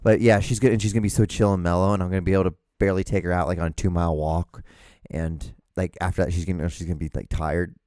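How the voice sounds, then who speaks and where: Dark-voiced man rambling casually at home. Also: low voice, level tone, fast, clean tone, dry recording, clean studio sound. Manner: rambling, profane, frequent restarts and fillers; gushing affection for his dog. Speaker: podcast host.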